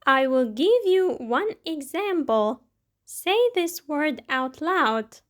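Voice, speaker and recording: A woman English teacher walks through a pronunciation lesson at a very slow, deliberate pace. Her voice sits high, and it rises and falls in a lively way as she explains each point. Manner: slow, deliberate, instructive delivery.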